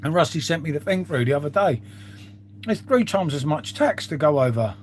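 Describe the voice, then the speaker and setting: A middle-aged man with a somewhat high voice talks casually on a live stream. He swears freely and calls his viewers mate. A faint hum sits under his voice. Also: lively intonation, fairly quick.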